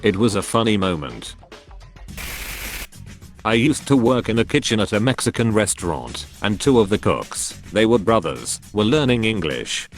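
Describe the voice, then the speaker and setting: A man with a fairly low voice reads a string of short forum anecdotes aloud. His delivery is steady and scripted, moving evenly from one story to the next. Soft music plays quietly underneath. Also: moderate pace. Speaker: narrator. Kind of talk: scripted narration of online stories.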